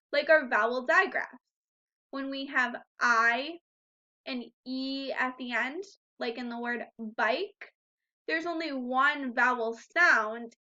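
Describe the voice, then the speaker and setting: A woman with a high, bright voice leads a recorded phonics lesson for first graders. She speaks slowly and patiently, encouraging the children as she goes. The recording sounds a bit dull and lo-fi. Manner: slow, patient, encouraging teacher talk to young children.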